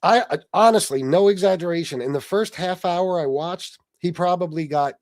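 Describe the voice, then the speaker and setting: A man's voice: sits high, normal speed, a little mellow, dry recording, studio quality. A man hosting a casual livestream, telling a story with lots of swearing and laughter and answering his chat. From Sicilian heritage. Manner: profane, laughing storyteller, reads chat aloud. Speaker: livestream host.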